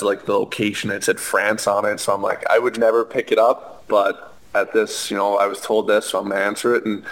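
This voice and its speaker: A young man, a hockey player, answering interview questions in an earnest, halting way with many fillers. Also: on the low side, a bit bright. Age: young adult. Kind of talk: conversational interview.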